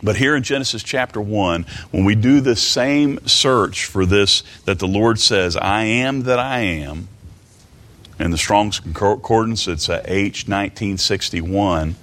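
A man teaching from the Bible in a sermon, halting and repeating words, slowing down for emphatic quotes of scripture. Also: lowish voice, fairly bright tone. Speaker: preacher.

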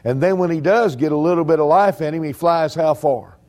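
A man's voice: a little high, brisk, darkish tone. Folksy preacher man. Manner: folksy storytelling with humor. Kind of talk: sermon.

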